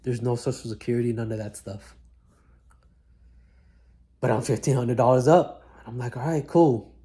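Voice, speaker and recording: Man, mellow tone, laid-back slangy storytelling, single-take vlog. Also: medium pitch, level tone, normal speed. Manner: casual slangy talk, many likes and mans. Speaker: vlogger recounting his life. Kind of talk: one-take reflective storytelling. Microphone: single mic, one take.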